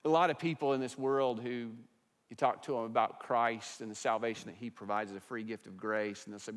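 A male pastor preaching a sermon, animated, with big swings between loud passages and quiet ones. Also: medium pitch, brisk, long reverb tail.

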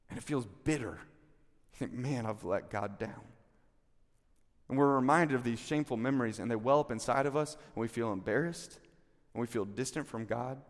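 Pastor guy preaching, acts out the lines, voice rings around a big hall. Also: fairly high pitch. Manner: animated storytelling, acting out quotes with rising intensity. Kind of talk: sermon.

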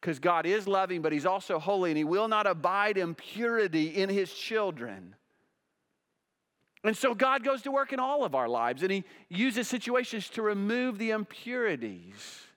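A male pastor delivers a sermon in a somewhat high voice. He climbs to loud, emphatic peaks, then sinks into hushed, low passages, and he often restarts phrases and repeats words to drive a point home. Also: big pitch swings, moderate pace.

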